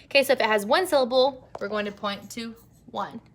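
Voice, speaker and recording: A young woman teacher leading an early-grade phonics lesson, stretching out words slowly and praising the children. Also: a little high, a little hiss or hum. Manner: slow, drawn-out word modeling, encouraging.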